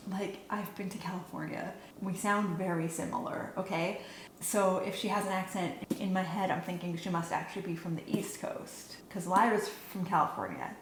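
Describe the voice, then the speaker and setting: A young woman from Western Canada talks in a relaxed, opinionated vlog style, often laughing and filling her sentences with "like." Her voice sits slightly low. The room gives it a noticeable echo, with a faint hum behind. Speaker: book vlogger. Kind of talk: casual chat.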